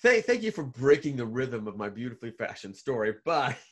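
A man telling stories as a guest in a video call interview, lively, with many restarts and fillers. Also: mid-range voice, a little fast, slightly rough. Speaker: guest, author and speaker.

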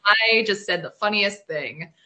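Woman doing a smug politician guy, bright playful brag. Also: medium pitch, a little slow, a little hiss or hum. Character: charming male politician, pleased with himself.

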